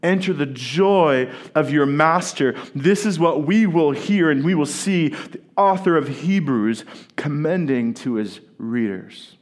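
A male pastor preaching a sermon at a church service, earnest and deliberate, leaning on key words with long pauses, and joking easily with his congregation. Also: fairly high pitch, darkish tone. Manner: playful banter with the congregation.

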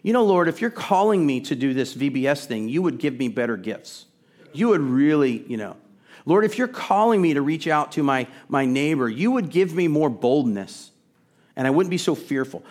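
Conversational male preacher, slightly high voice. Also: very animated, moderate pace, darkish tone. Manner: conversational preaching, acts out quoted voices, rising emphasis. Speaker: pastor. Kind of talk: sermon.

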